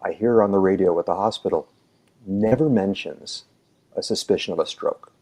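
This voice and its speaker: This man's voice sits low and sounds dark, moving at a moderate pace. He's an EMT rambling through a lengthy personal story on a podcast, full of "um"s and false starts, acting out people's words as he quotes them.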